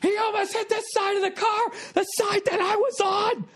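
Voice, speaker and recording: Shrieking furious woman passenger, put on by a man, shrill, yelling from off mic, very high. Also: level tone, normal speed.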